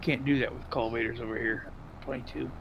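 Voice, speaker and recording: A man's voice: medium pitch, steady tone, quick pace, muffled recording, noisy background. An older man, a grandfather, chatting easily with short replies while playing a farming game. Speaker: co-player. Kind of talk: casual gameplay chat.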